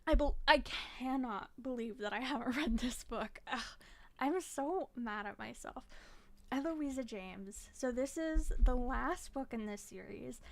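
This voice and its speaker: A young woman book vlogger chats frankly about her reading, cursing now and then when frustrated. Her voice is fairly high, creaky, and fairly bright, at a measured pace.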